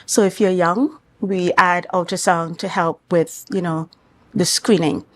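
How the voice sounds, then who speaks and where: Speaking with a Trinidad and Tobago accent, a female doctor guesting on a morning show lays out information calmly and clinically. She has a lowish voice and a steady tone.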